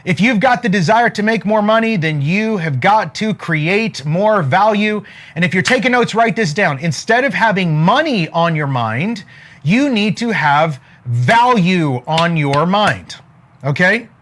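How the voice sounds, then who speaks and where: A man giving an energetic motivational talk to a live chat, emphatic, repeating his key lines and asking viewers to answer. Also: high-pitched, a little slow. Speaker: online money-mindset teacher.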